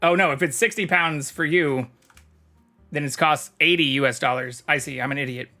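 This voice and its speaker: Bright-voiced man streaming casually. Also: a little high, normal speed, faint music behind. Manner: chatty, swears casually, reads chat aloud. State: talking with mouth full. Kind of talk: casual live-stream chat.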